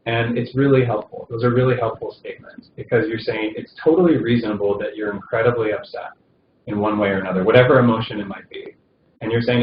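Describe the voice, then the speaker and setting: A man's voice: mid-range voice, fast talker. A man teaching a recorded session on palliative care, talking conversationally with many fillers and restarts. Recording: dull roomy recording with faint noise.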